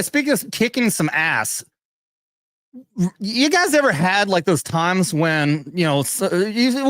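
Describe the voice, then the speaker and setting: Veteran guy host, cussing and chuckling, slightly high voice, dry close sound. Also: no room sound. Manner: swears constantly, laughs at own jokes. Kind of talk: casual profane commentary rant.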